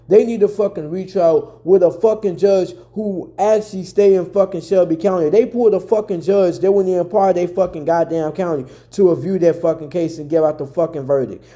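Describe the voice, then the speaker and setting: A man's voice: high-pitched, warm tone. A man from Memphis, ranting angrily and full of swearing as he gives his own commentary. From Memphis, Tennessee. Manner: angry, profane, repetitive.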